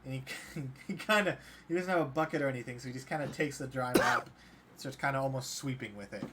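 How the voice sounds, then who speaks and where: A man's voice: medium pitch, fast, heavy background noise. A man narrating as game master in a tabletop game, talking casually and hedging his descriptions.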